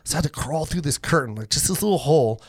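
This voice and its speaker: A man's voice: a little high, quick pace. A man telling a long comedy story in casual podcast chat, swearing and acting out the people in it. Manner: animated, swears a lot, acts out other people's voices. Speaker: guest comedian.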